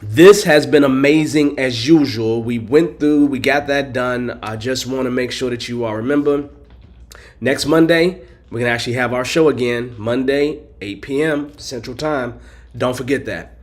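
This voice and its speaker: A man hosting a live show, coaching a guest in a friendly, encouraging way while going hoarse and clearing his throat. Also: mid-range voice, normal speed. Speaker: host and agile coach. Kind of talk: casual live show chat.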